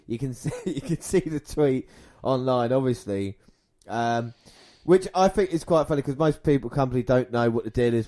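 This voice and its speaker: A man's voice: medium pitch, warm tone. A man co-hosting a podcast, chatting casually through the news, laughing often and tripping over words now and then. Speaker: podcast co-host.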